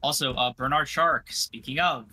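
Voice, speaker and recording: Brash, bright-voiced young man. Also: medium pitch, normal speed, a little hiss or hum. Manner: brash, profane trash talk. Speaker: podcast co-host. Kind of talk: casual livestream chat.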